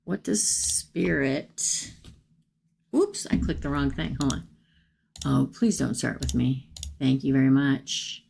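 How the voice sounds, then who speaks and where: Woman tarot reader, live stream, low gravelly voice, chatty, calls viewers by name. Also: slow, slight background noise. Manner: chatty, warm-hearted, exclaims over cards, talks to viewers by name. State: emotional after crying all night. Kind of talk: live-stream tarot reading, casual chat.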